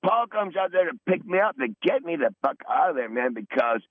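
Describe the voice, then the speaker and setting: A man's voice: on the high side, sing-song, fairly quick, no echo. Brief: man, 60s, podcast regular caller; profane, boastful rambler; tinny phone audio. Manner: combative, swearing, boastful. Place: in his van.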